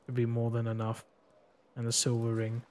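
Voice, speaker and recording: A man's voice: medium pitch, completely flat delivery, normal speed, darkish tone. A man streaming a video game, thinking aloud with casual, profane commentary and frequent laughs. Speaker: gaming streamer.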